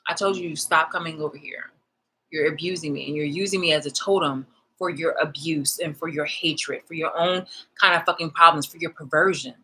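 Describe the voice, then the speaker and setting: A woman's voice: deep voice, bright, forceful tone, husky, low-quality recording. A woman ranting on a live stream. She is agitated and swears often, repeating phrases for emphasis. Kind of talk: live-streamed personal rant.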